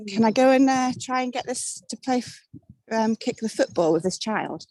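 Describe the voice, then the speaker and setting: A woman's voice: a little high, animated, normal speed, darkish tone, dry recording, poor audio. A woman reporting playfully for an online radio show, chatting casually. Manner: playful, giggly. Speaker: roving reporter. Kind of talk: casual chat.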